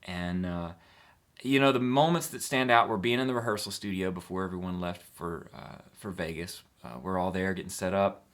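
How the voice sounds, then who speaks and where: A man with a deep, low-pitched voice talks through fan questions in a relaxed, easygoing way. He rambles a little and drops in plenty of filler sounds between thoughts. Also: moderate pace. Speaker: singer-songwriter answering fan questions. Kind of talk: casual fan Q&A chat.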